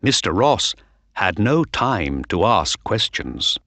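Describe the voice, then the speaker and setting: A man reading a storybook aloud for learners, very slowly and clearly. His pitch moves widely and expressively, and the sound is close and dry. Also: no echo. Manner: slow, clear, lively reading. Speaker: narrator. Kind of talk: slow storybook narration for learners.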